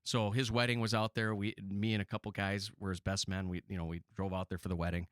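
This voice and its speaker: A man from Wisconsin with an Upper Midwestern accent, co-hosting a podcast in chatty, animated storytelling. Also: fairly low pitch, quick pace, clear, resonant tone, dry recording, studio quality. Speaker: podcast co-host. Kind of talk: casual chat.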